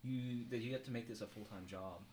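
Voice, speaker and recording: A young man in casual chat about fighting, relaxed, swearing and laughing freely. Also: mid-range voice, brisk, a little hiss or hum. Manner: laid-back, swears freely, laughs often. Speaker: podcast co-host, jiu-jitsu practitioner.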